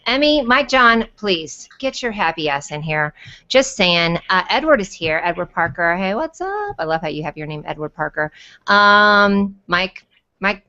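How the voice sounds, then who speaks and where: A woman hosting a casual live video chat, bubbly and teasing, calling viewers in with quick asides. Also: fairly low pitch, sharp tone. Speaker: host. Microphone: video call. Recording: dull lo-fi video call audio.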